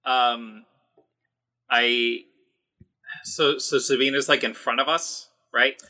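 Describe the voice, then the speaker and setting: Bright-voiced halting male player. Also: medium pitch, fairly even intonation, low-quality recording. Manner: halting, unsure. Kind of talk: tabletop role-play.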